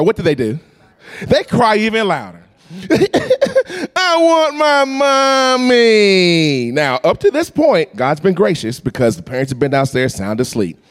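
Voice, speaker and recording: A man preaching a storytelling sermon, animated and acting out voices and sounds. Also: fairly high pitch, breathy edge. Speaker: pastor.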